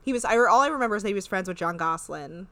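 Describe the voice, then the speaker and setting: A woman in casual chat, recapping a reality show with animated retellings and free swearing. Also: mid-range voice, rapid-fire, no echo. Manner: animated, swears freely, acts out quoted lines. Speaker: podcast co-host.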